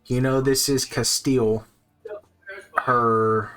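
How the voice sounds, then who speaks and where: Slow-spoken man narrating a tabletop game. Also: mid-range voice, level tone, a bit bright. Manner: slow, descriptive narration with pauses. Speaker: game master. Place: home streaming setup.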